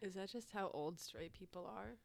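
A young woman in her twenties co-hosting a podcast, speaking softly with dry, wry asides. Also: mid-range voice, normal speed, vocal fry, noisy background. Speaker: podcast co-host. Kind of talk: casual chat.

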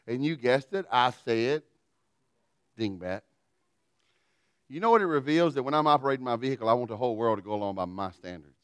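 A man delivers a sermon in a relaxed, folksy way, mixing humor and everyday stories into his preaching. His voice is smooth and resonant, and the recording is close and dry with no room echo. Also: medium pitch, quick pace, few pauses. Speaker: pastor.

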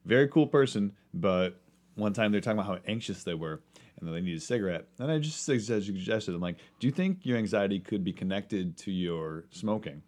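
A man's voice: fairly low pitch, a little fast. A man co-hosting a casual podcast chat, telling stories and acting out what people said. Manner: animated storyteller, acts out quotes. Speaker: podcast co-host.

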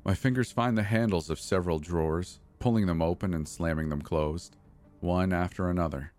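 A man reading a first-person horror story in a grim, measured way. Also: low-pitched, a little mellow, soft background music. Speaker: narrator. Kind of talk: scripted horror narration.

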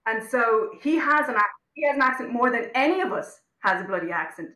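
Impassioned Irish woman, bright echoey voice. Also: fairly high pitch, lively intonation, fairly quick. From Ireland. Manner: impassioned and outspoken, many restarts. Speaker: interview guest, actor-director. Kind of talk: casual interview chat.

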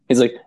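A man co-hosting a podcast, telling a story in a casual, animated way, laughing often and pitching his voice up high when he quotes people. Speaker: podcast co-host.

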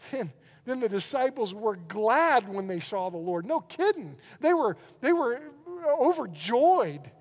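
A high-pitched male pastor delivers an animated sermon, voicing the disciples' shocked reactions as he goes. His voice rings out in a church hall with a long, lingering reverb. He talks with frequent quick restarts.

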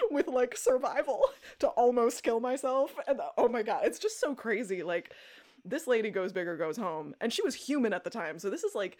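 Speaking at a normal pace in a fairly high voice, a podcast co-host chats through a recap of a TV episode. She's animated, curses freely and performs the characters' quotes.

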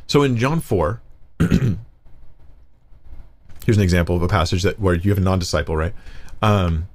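A pastor with a voice on the low side explains a Bible passage casually and conversationally. He reads verses aloud and gets animated when paraphrasing them.

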